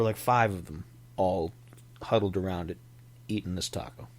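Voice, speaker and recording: A man hosting a podcast in a casual, rambling monologue, chatty and self-deprecating, who now and then imitates animal sounds. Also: mid-range voice. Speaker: podcast host.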